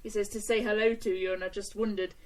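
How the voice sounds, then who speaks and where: A woman co-hosts a casual chat. She teases and giggles as she talks. Her voice sits at an ordinary middle pitch. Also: little pitch movement, quick pace, crowd noise. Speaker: co-host.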